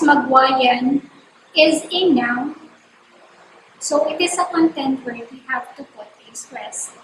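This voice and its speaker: A woman teacher talks through an online English lesson in a high, bright voice, naming examples one by one at an unhurried pace. Her voice rings in an echoey room with a faint hiss underneath. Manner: slow, deliberate listing of examples with fillers.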